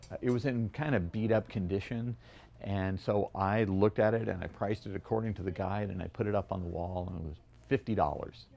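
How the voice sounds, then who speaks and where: Middle-aged man, comic shop owner, low voice, gravelly texture, earnest anecdotes, documentary interview. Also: darkish tone. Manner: earnest anecdotal storytelling with frequent word repeats.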